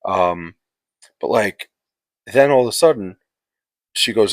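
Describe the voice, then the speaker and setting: A man's voice: fairly low pitch, animated, normal speed, pauses often, dry recording. A man telling a travel story in a casual, profane, exasperated way, rambling with lots of fillers. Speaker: podcast host.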